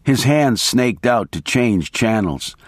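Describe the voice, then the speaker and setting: A man narrating a novel in the first person, reading in a measured, steady way. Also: mid-range voice, no room sound, clean studio sound. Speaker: audiobook narrator.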